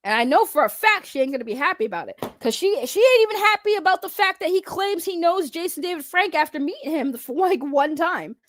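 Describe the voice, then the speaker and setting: Blunt, high-voiced woman streamer ranting. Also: animated, fast talker, hardly any pauses, no room sound. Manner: blunt, heavy swearing, talks straight to chat. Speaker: livestream commentary host. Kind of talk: ranting livestream commentary.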